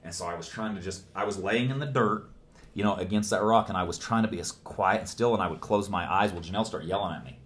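A man's voice: deep voice, fast, a bit bright, reverberant. A man telling a long story in casual speech, plainspoken and rambling, with folksy phrasing.

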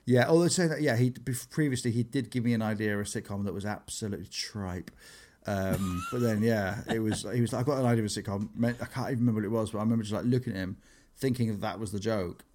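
A man's voice: on the low side, fast talker. A man, a comedian telling stories in casual podcast chat and acting out what people said. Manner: animated storytelling, acts out quotes.

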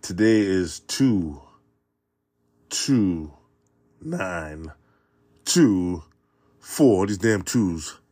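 A man's voice: low voice, lively intonation, drawn-out words, pauses often, mellow. Profane laid-back male podcast host. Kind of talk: casual solo podcast monologue. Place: home in New York.

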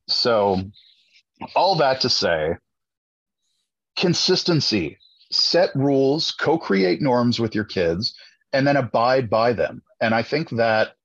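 Male teacher, casual talk, husky, animated storyteller, dry lo-fi sound. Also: on the low side, no echo. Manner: animated storyteller, acting out his own drill-sergeant lines in a raised voice. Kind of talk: casual chat. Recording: dull, dry lo-fi recording.

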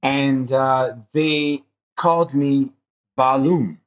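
A man's voice: medium pitch, fairly even intonation, drawn-out words. A man speaking as a podcast guest, telling a personal story in an earnest, rambling way with frequent restarts. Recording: dull lo-fi sound.

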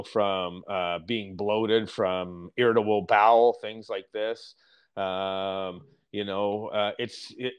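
A man's voice: lowish voice, clean tone. Blunt, emphatic man on a podcast. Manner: emphatic, blunt, mimics other people's complaints. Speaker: podcast guest on fasting and diet. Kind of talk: casual podcast chat.

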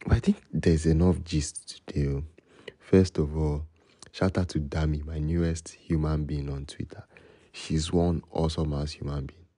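A young Nigerian man hosting a solo podcast late at night, rambling and freestyling in a low voice and slipping between Pidgin and English. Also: fairly even intonation, normal speed, warm tone, husky, no room sound. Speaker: podcast host.

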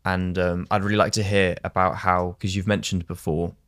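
Young man, very deep voice, hosting. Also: level tone, normal speed, a bit bright. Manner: thoughtful, hesitant with fillers. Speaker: podcast host. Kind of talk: casual interview.

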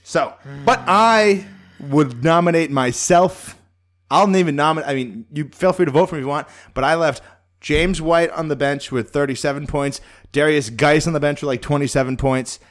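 A man chatting casually on a podcast, telling an animated fantasy football story and swearing freely. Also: fairly high pitch, moderate pace. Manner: animated storytelling, acts out his own shouts. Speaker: fantasy football league member.

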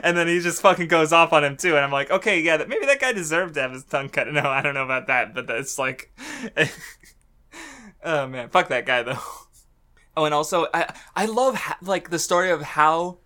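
An excitable man talks casually on a podcast, laughing a lot and swearing freely. His voice sits a little high and rings bright and forceful. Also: a little fast. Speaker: podcast co-host. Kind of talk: casual chat.

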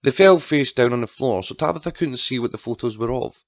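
A man narrating a dark storybook with a steady, dramatic reading. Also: mid-range voice, a little fast, dry recording. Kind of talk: scripted narration.

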